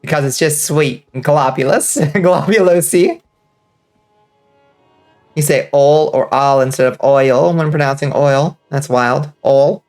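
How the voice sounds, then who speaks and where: Woman streamer, casual and chatty, from the US South, quick to laugh, game music behind. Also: sits low, darkish tone. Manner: chatty, swears freely, laughs often. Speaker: vtuber streamer. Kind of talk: casual gaming stream chat.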